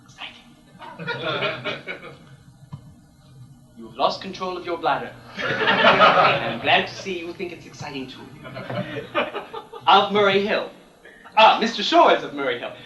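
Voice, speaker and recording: Catty drag lady host, played by a man, high and campy, live in an echoey theatre. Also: dull audio, very noisy. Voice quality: campy, mock-refined delivery. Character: grand, arch drag lady host, mock-genteel and catty. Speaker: comic host before a live audience. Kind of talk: live stand-up comedy. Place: large theatre stage with live audience. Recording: fuzzy 1980s VHS air check, roomy and distant.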